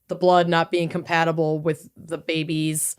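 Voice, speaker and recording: A woman's voice: low-pitched, flat delivery, moderate pace, background noise. A young adult woman co-hosting a podcast, chatty and chiming in with her own stories. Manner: chatty, reacts and chimes in. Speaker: podcast co-host. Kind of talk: casual podcast chat.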